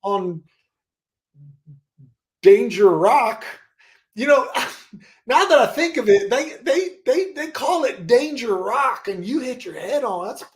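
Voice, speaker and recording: A man's voice: very high voice, animated, slow pace, long pauses, exaggerated voice. A man voicing a folksy cowboy in an improvised comedy scene, rambling in a drawl as he chides a friend.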